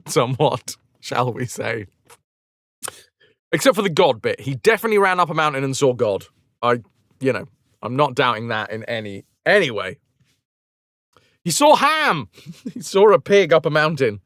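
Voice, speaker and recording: A man's voice: mid-range voice, fairly bright tone, dry recording, clean studio sound. A man streaming and reading history aloud, breaking off for sarcastic, joking asides.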